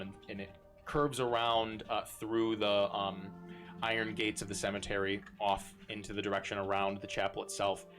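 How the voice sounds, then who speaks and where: Man narrating a tabletop game over music. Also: fairly low pitch. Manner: halting, lots of fillers. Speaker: game master. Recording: background music.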